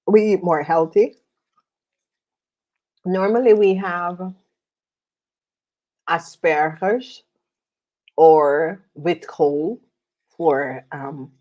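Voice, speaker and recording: A woman's voice: on the low side, a little mellow. A woman tarot reader chatting casually while eating, rambling with many fillers.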